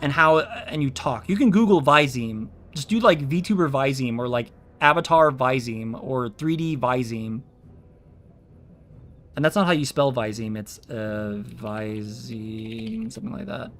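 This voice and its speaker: A man's voice: mid-range voice, lively intonation, a little slow, fairly bright tone, soft background music. A man chatting casually on his stream as a VTuber, rambling and explaining things with plenty of ums and restarts. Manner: rambling, explains with many fillers. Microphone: own streaming mic.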